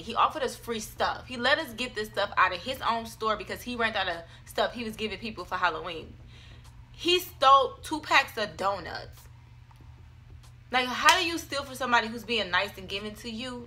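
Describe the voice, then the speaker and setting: A young woman tells a story to her camera, chatty and dramatic, with plenty of fillers along the way. Her voice sits a little high and sounds bright and forceful. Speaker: vlogger. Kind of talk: storytime vlog.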